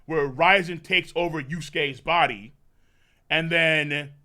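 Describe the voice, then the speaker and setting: A man streaming a live manga reaction, excitable and profane, breaking into shouts of amazement. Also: a little high, slow pace.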